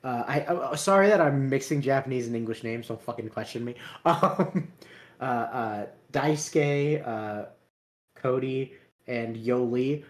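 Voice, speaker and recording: A podcast co-host in loose, casual chat, with a mid-pitched voice that sits neither high nor low. They ramble and swear in nearly every sentence, with frequent laughter. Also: slow.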